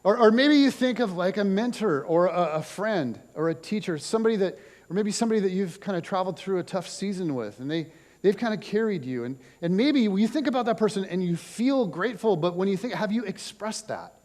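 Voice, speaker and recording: A middle-aged male pastor with a slightly raised pitch, talking through his sermon in a loose, chatty way full of little asides and dry jokes. His voice rings out with a long reverb from a church hall. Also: animated, brisk, darkish tone. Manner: casual and chatty, with many fillers and wry jokes. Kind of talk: conversational sermon. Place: church auditorium.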